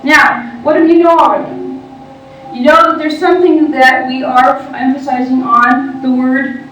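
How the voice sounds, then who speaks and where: A woman teacher leading a group reading, brisk and directive, prompting the room. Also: sits high, level tone, fairly bright tone. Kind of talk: classroom teaching. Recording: echoey room from far off, faint noise.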